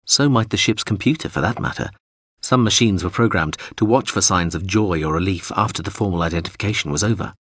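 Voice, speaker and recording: A man reads a sci-fi audiobook in a very deep, husky voice. His narration is steady and even. The recording is dry and close to the mic. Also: fairly quick, dry recording. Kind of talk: scripted narration.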